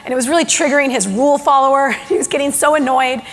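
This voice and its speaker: A woman giving a conference keynote on mindfulness to a live audience in a large hall, telling stories with lively acted-out quotes. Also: high voice, quick pace. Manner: animated storytelling with acted quotes. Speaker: mindfulness speaker. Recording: long hall reverb.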